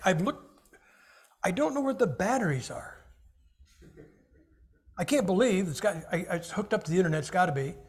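A man's voice: high voice, breathy edge. A man preaching a humorous sermon, joking and acting out little scenes. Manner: animated, jokey, acts out little scenes.

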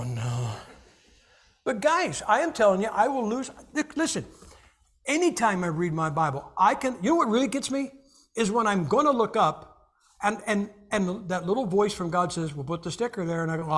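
A man preaching a humorous sermon, joking and acting out little scenes. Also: high voice. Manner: animated, jokey, acts out little scenes.

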